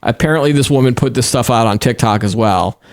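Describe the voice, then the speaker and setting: A man's voice: mid-range voice, fairly quick. A man co-hosting a tech podcast, reading news stories aloud with casual asides. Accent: Boston. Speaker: podcast co-host.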